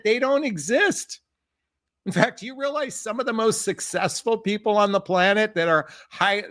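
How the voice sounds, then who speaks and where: A man's voice: high voice, fairly bright tone. A middle-aged man giving dating advice straight to camera, impassioned and emphatic, often calling his viewers "folks". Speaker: dating coach. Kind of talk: direct-to-camera advice talk.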